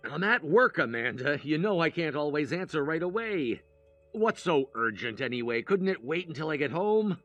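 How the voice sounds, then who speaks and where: A man as a defensive husband in a text story, bright high voice that jumps around. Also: very animated, moderate pace, no echo, highs cut off, soft background music. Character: defensive husband denying an affair. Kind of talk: text-message story read aloud.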